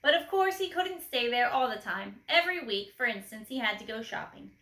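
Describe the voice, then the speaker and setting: A woman reading a children's storybook aloud expressively, gently asking the listener questions. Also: fairly high pitch, animated, a little fast, reverberant, rough recording.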